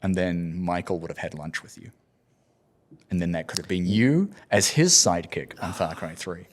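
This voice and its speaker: A man, an actor guest on a podcast, telling anecdotes in an animated way and teasing dryly. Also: low-pitched, moderate pace. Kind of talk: casual interview storytelling.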